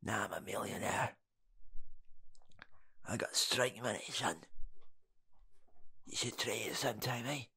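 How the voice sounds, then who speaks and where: Raspy glaswegian old bowler, gravelly whisper, bright edgy tone, cheeky "eh?" at the end of lines, whispered role-play. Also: male voice, lowish voice, measured pace, long pauses, voice pushed down, heavily acted. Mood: boastful. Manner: ends lines with a teasing "eh?". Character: boastful old Glasgow bowler, gruff and cheeky.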